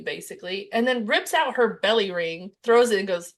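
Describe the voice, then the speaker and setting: A young woman co-hosting a podcast, chatting casually and retelling movie scenes with quick quoted voices. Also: medium pitch, animated, fairly bright tone. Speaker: podcast co-host. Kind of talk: casual chat about a movie.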